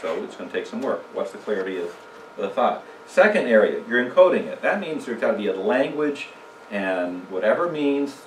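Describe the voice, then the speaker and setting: Picked up from afar in an echoey church room, this man speaks on the low side, very animated and brisk, with a little hiss or hum in the audio. His casual communication seminar is conversational, full of questions to the audience and jokes.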